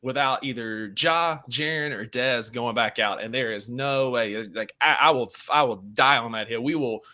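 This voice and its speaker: Man, co-host, opinionated, emphatic, bright forceful voice, casual chat. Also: mid-range voice, normal speed. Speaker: podcast co-host. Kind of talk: casual sports podcast chat.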